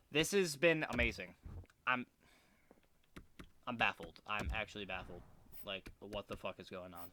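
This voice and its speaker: Sitting at his desk, a gaming video creator gives casual commentary on a hockey management game, muttering to himself and swearing in frustration. His voice is on the low side, pushed and bright, with slight background noise.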